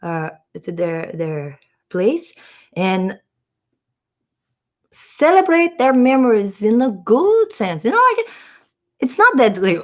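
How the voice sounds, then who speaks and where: A woman's voice: fairly low pitch, sing-song, a little slow. A woman vlogger musing in a casual monologue, rambling and hesitating as she searches for words.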